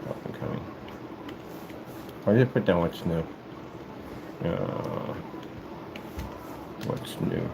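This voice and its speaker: A man rambling casually to the camera as he works, animated and joking, often jumping into a high falsetto. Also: very slow, gravelly, long pauses, noisy background. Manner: animated, jumps into high falsetto sing-song and joking voices. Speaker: vlogger. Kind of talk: casual rambling monologue while working.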